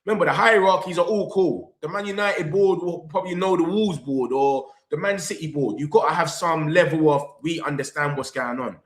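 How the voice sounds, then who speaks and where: A young man, hosting a football fan reaction vlog. He talks in an animated, slangy way, straight to his viewers, and reads their comments aloud. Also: a little high, a little fast, few pauses. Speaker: football fan channel host. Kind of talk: excited live reaction vlog. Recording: echoey room.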